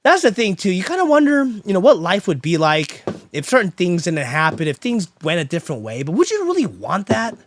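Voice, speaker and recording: Rambling, lively-voiced man streaming. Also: high-pitched, a little fast, few pauses, a little hiss or hum. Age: 30s. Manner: rambling and profane, reading chat aloud. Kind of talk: casual live-stream chat.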